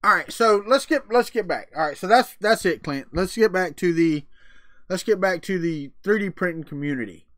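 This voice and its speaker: A man's voice: sits high, animated, normal speed, a bit bright, dry recording, studio quality. A middle-aged man, chatting casually on a live stream and answering his chat in a folksy way. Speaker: livestream host.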